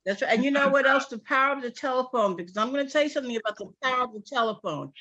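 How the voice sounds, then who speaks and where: A woman with a New York accent giving an excited, repetitive, rambling testimonial on a group phone call. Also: high-pitched, rapid-fire. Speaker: distributor on a sales call.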